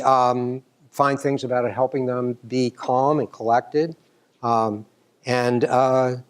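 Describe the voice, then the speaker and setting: A middle-aged man from New York, a writing professor giving an earnest, hesitant symposium talk full of ums and restarts. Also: medium pitch. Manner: earnest, hesitant, many ums and restarts, leans into quoted dialogue. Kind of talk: academic conference talk.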